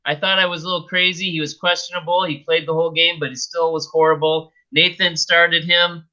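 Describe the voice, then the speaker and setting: A man's voice: fairly high pitch, flat delivery, a little fast, pushed and bright. A man co-hosting a casual fantasy sports podcast, playful and self-mocking, laughing often, over a lo-fi internet connection. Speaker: podcast co-host. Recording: dull lo-fi internet audio.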